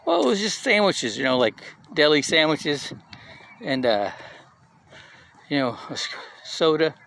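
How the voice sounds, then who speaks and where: A man's voice: a little high, big pitch swings, a little slow, creaky, a bit bright, slight background noise. A middle-aged man giving a casual motivational talk, telling personal stories in a loose conversational way and often checking in with "right?". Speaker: speaker at a community live session.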